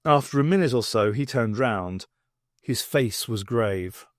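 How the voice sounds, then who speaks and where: A man reading a novel aloud as an audiobook, with expressive storytelling. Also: mid-range voice, unhurried, dry recording, clean studio sound. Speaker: audiobook reader.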